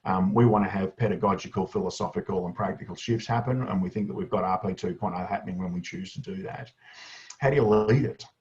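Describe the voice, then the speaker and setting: A man giving a casual, energetic webinar tutorial to school leaders, chatty with asides. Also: low-pitched, fast. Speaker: education consultant presenting a webinar. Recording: dull lo-fi webinar audio.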